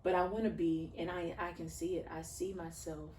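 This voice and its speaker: A woman in her thirties talks earnestly about faith and raising children, rising and swelling as she speaks. Her voice sits fairly low and sounds a little distant from the mic. The room is echoey, with faint noise in the background. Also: level tone, fairly quick, darkish tone. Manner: earnest, heartfelt, preacher-like storytelling. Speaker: podcast guest. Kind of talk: casual conversational interview.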